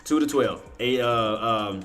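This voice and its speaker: A man's voice: medium pitch, a little slow, soft background music. A man giving live commentary on his trading, exasperated, swearing and talking straight to his chat viewers. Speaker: day trader streaming to viewers.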